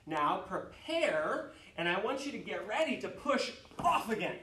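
Drill-shouting martial arts instructor, roomy echo. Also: male voice, high voice, very animated, a little slow. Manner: counts and shouts drill commands. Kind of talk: online class instruction. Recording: roomy echo, mic far off.

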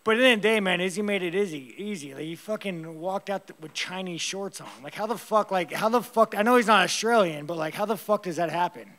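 A fighter answering press conference questions in a blunt, rambling, heavily profane way, laughing often. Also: male voice, high-pitched, quick pace, few pauses, a bit bright.

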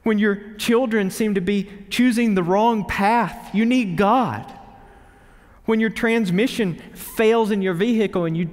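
A man preaching a sermon with earnest emphasis, moving from quiet reflection to urgent pleading. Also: high voice, steady tone, unhurried, hardly any pauses. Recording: reverberant hall.

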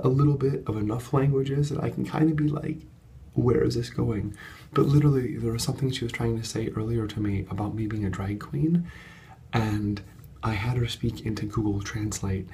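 A man talking in an unedited casual vlog at home at night, chatty and animated, telling a story with lots of fillers. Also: medium pitch, a little fast, creaky, a little hiss or hum. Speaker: vlogger and course coach. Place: home studio apartment at night.

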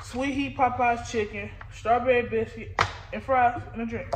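High-voiced young man vlogging, echoey noisy room. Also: steady tone, normal speed. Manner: slangy, playful, talks through bites of food. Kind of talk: casual prank vlog chat.

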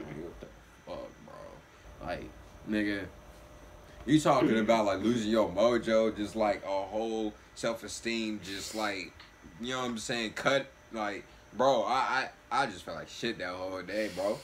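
A young man hosting a reaction video, telling a long story in loose, slangy, animated casual chat. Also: lowish voice, unhurried, a little hiss or hum.

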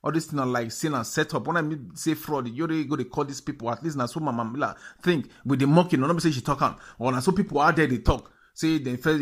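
Nigerian pidgin guy rambling about gossip news, fast talker, keeps asking "you get me". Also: mid-range voice, slightly rough. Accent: Nigerian Pidgin English. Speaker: YouTube news channel host. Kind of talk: casual commentary to camera.

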